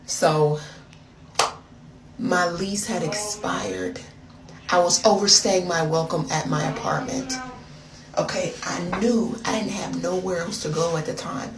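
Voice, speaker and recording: A woman's voice: on the low side, unhurried, long pauses, reverberant, far from the mic, a crowd in the background, poor audio. An American woman telling a wild story in a casual, gossipy way, calling the listener girl. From United States.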